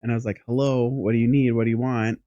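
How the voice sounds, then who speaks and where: A man co-hosts a casual podcast and spins a rambling story with animated energy and the odd curse word. His voice sits at an ordinary middle pitch. The sound is dry and close, with no room echo. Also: fast, muffled recording. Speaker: podcast co-host.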